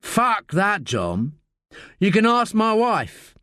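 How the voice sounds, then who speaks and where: A man's voice: high voice, wildly swooping pitch, slow, sharp tone, no echo, clean studio sound, pitched above the performer's own voice, full character voice. Man doing Tommy, a brash London tough. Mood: gruff. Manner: blunt, brash, threatening. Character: tough London ex-con family man, menacing.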